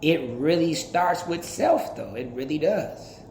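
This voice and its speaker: A man in his thirties talking in a casual, animated, profane podcast monologue, laughing often. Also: fairly high pitch, measured pace, reverberant, slight background noise. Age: 30s. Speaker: podcast host.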